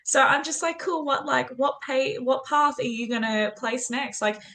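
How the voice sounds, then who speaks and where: A woman hosting an author interview over a video call, enthusiastic and gushing as she fires off quick questions. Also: high-pitched, fairly even intonation, fairly bright tone. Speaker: interview host. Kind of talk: casual interview chat.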